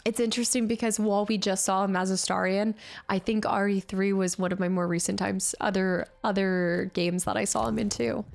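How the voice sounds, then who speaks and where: A woman's voice: medium pitch, steady tone, brisk, creaky, faint music behind. Chatty woman streaming a game. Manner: chatty, thanks viewers by name. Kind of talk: casual live gameplay commentary.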